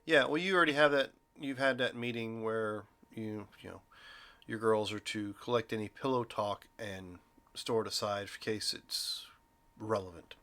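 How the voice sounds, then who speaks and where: A man's voice: on the low side, moderate pace, bright, forceful tone. A man running a tabletop game as game master, narrating casually with a joking manner.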